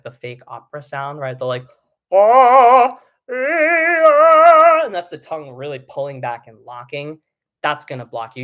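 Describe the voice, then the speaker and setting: A young man with a medium-pitched voice teaches a live online singing class. His explanations are relaxed, punctuated by short sung demonstrations.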